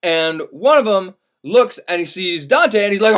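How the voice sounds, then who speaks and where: A man's voice: high voice, lively intonation, normal speed, few pauses, fairly bright tone, smooth. Profane, wry male comic storyteller. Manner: casual, profane, wry asides. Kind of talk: irreverent comic retelling of a classic.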